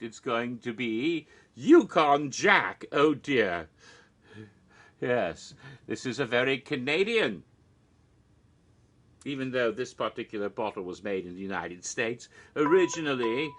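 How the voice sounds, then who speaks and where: Guy chatting while he mixes a drink, bright clear tone, cracks puns and laughs at them. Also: mid-range voice. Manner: jokey, punning, chuckling at his own jokes; rambling asides with mock alarm. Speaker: cocktail show host. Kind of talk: casual chatty cocktail-making monologue.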